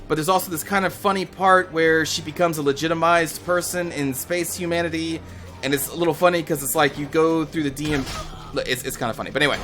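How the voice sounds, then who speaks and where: Young gamer guy, kinda high voice, rambling over gameplay w/ lots of "like" and "kinda". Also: a bit bright. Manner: rambling, chatty, with fillers and casual swearing. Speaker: gaming channel host. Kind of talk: casual commentary over gameplay.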